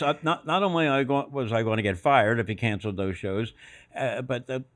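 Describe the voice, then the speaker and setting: As a guest on a podcast, an older Philadelphia man spins casual stories, imitating the voices of those he quotes amid plenty of fillers and false starts. He speaks briskly in a mid-range, fairly bright voice with slight background noise.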